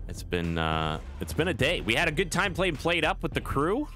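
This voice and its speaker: A man's voice: on the high side, wildly swooping pitch, normal speed, hardly any pauses, bright, forceful tone, faint music behind. A man hosting a casual game live stream, chatty and friendly, greeting viewers by name and thanking them often. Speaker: streamer and host.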